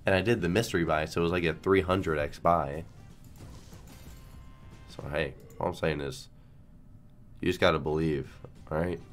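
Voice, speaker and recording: Deep-voiced sick man streaming slots. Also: fairly even intonation, normal speed, pauses often, faint music behind. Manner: rambling, self-deprecating, lots of restarts. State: sick, coughing. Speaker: slot streamer. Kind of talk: casual gambling stream commentary.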